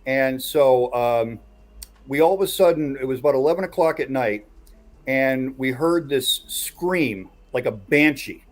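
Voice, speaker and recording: A man's voice: mid-range voice, unhurried. Man telling a story on a podcast. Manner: builds suspense while recounting a tale. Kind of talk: casual storytelling chat.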